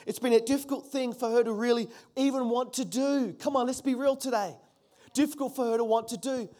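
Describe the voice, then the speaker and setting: A man's voice: extremely high pitch, steady tone, fairly quick, warm tone. A man in his forties preaching a sermon as pastor, emphatic, repeating key phrases and calling on the congregation to respond.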